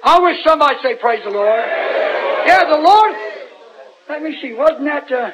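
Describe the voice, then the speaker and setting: A man's voice: extremely high pitch, expressive, a little slow, a bit bright. A man preaching an informal Bible sermon in a folksy, rambling way, often putting questions to his listeners. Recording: dull lo-fi recording.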